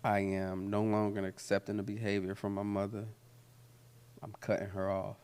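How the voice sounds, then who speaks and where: A man hosting a candid talk, telling personal stories full of swearing and laughter, then turning quiet and reflective. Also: lowish voice, completely flat delivery, moderate pace, smooth. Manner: profane, laughs often while telling stories; turns quiet and reflective when serious. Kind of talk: candid storytelling conversation. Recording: long hall reverb.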